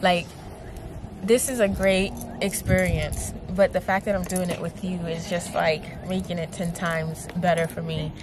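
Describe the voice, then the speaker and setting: Young woman vlogger, emotional and gushing, slow lowish delivery, noisy outdoor recording. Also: steady tone. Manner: heartfelt, gushing, many likes. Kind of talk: emotional casual vlog talk.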